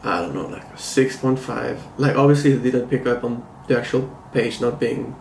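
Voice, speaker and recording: A man hosting a casual review vlog, talking to camera in a measured, thoughtful and critical way. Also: mid-range voice, vocal fry, darkish tone, a little hiss or hum. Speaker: comic book collector and channel host. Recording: roomy echo, faint ambience.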